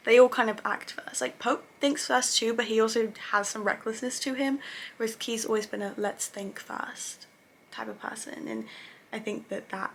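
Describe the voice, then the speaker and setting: A woman's voice: a little high, steady tone, moderate pace, a little hiss or hum. A young woman casually recapping TV episodes, chatty and gushing, with lots of fillers and self-corrections. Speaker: TV review vlogger.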